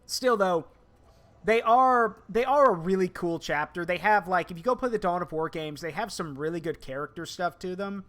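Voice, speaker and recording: A man's voice: high voice, normal speed, fairly bright tone. A man chatting casually while streaming a game, telling jokes and laughing as he goes. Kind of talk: casual gaming chat.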